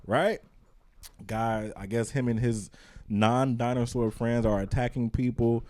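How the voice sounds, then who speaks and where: A podcast host telling a story in casual chat, swearing freely and acting out the people in it. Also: male voice, on the low side, measured pace. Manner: animated storyteller, swears freely, acts out voices.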